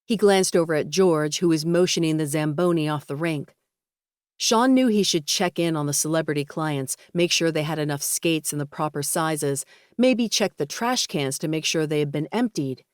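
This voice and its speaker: A woman reading a romance audiobook in a steady, even storytelling voice on a close studio mic. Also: low voice, moderate pace, smooth, no echo. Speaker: audiobook narrator. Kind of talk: scripted narration.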